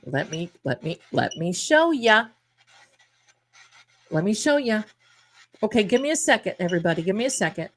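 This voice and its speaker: A woman's voice: medium pitch, big pitch swings, moderate pace, pauses often, slight background noise. A middle-aged woman hosting a live tarot stream, chatting casually and rambling to her viewers, calling them her darlings.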